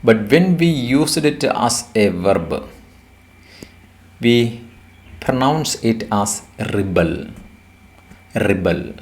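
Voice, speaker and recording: A man's voice: medium pitch, lively intonation, drawn-out words, pauses often. A man teaching a lesson, explaining a poem and stressing and repeating key words for his students. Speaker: English teacher.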